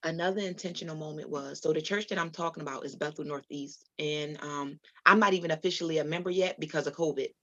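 A woman's voice: low-pitched, steady tone, quick pace, hardly any pauses, sharp tone. A woman telling a personal faith story as a podcast guest, earnest and rambling, with many ums and restarts. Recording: dull lo-fi audio.

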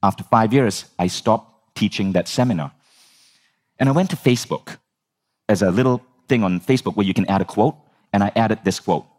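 A man in his forties telling his life story with animated, humorous energy. His voice sits a bit low, and he drops the occasional swear word. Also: moderate pace. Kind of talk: storytelling talk.

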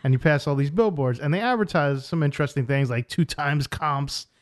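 A man from New York co-hosting a casual podcast chat, blunt and deadpan as he tells joking stories. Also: fairly high pitch, brisk. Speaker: podcast co-host.

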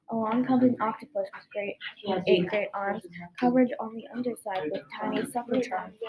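A woman's voice: fairly high pitch, fairly even intonation, normal speed, heavy background noise. A woman reading a rhyming children's picture book aloud in a sing-song way. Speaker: storybook reader. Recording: chattering crowd behind.

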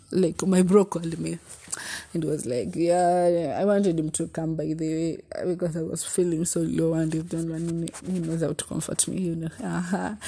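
A young woman with a Kenyan accent tells a personal heartbreak story, swinging between loud exclamations and hushed asides and slipping in Swahili. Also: low voice, breathy edge. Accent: Kenyan English. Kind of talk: emotional storytime vlog.

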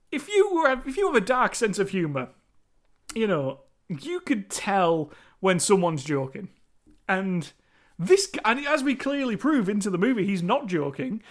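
A man's voice: very high-pitched, fairly bright tone. A British man from the UK giving a loose, rambling film review, full of restarts and casual swearing. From United Kingdom.

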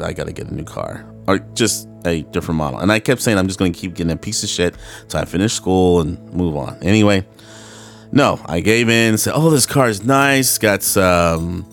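A man's voice: low voice, creaky. A man hosting a solo podcast, rambling and swearing with frequent laughs, slipping into voices when he quotes people. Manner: rambling, profane, laughs often; acts out voices in quoted dialogue. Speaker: podcast host. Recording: faint guitar music in background.

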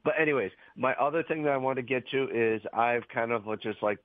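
A man's voice: medium pitch, brisk, dry recording. A man calling in as a guest to a sports talk show, rambling through his points. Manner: rambling, loose train of thought. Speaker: phone-in guest. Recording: tinny phone line.

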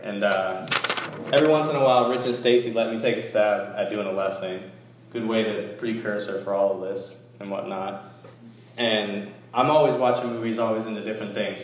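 A man giving a casual, conversational sermon, telling stories with asides. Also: on the low side. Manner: conversational, animated storytelling with asides. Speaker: church lay speaker. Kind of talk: informal sermon. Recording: echoey room, distant mic, faint noise.

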